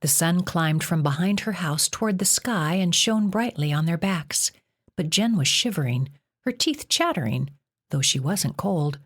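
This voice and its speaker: A woman narrating an audiobook in a steady, measured way. Her voice is low and deep for a woman. The reading stays even from line to line. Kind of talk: scripted narration.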